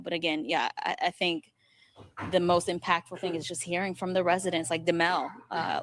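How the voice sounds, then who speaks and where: Sympathetic woman field reporter, low voice. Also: no echo. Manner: sympathetic, steady, descriptive. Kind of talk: live news report. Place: outdoors at a storm-wrecked site.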